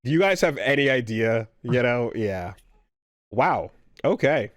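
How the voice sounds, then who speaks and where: Guy cohosting a podcast, middle voice, deadpan little jokes, casual chat. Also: medium pitch, measured pace, dry recording, studio quality. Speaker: podcast co-host.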